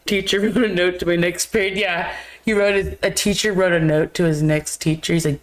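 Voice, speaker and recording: A woman's voice: on the low side, fairly even intonation. A married woman co-hosting a live movie stream, chatting casually and joking with frequent laughter. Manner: quick, joking, laughs often. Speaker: podcast co-host. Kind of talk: casual chat.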